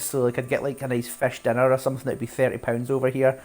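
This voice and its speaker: A Scottish man from Glasgow talks easily to his viewers while playing. He asks them questions, laughs often and wanders from topic to topic. Quiet game music plays behind him. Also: mid-range voice, level tone, fast. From Scotland, Glasgow. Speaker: streamer. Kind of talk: casual chat while playing a game live.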